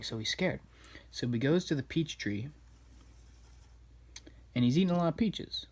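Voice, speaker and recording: A man casually recapping an animated film while he draws, rambling and correcting himself as he goes. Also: on the high side, moderate pace, long pauses. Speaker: drawing video maker.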